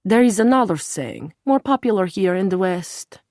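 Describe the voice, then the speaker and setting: A woman voicing a gruff, menacing male Russian intelligence officer who talks in a blunt, snarling way in an audiobook. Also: mid-range voice, animated, moderate pace, darkish tone, dry recording, clean studio sound, lightly acted. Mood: weary.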